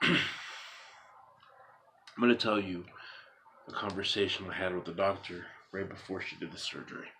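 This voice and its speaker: A man's voice: fairly low pitch, fairly even intonation, moderate pace, pauses often, a bit bright, slight background noise. A man speaking earnestly straight to his viewers, emphatic and repetitive, driving his point home with rhetorical questions. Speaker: vlogger. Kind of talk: earnest monologue to camera.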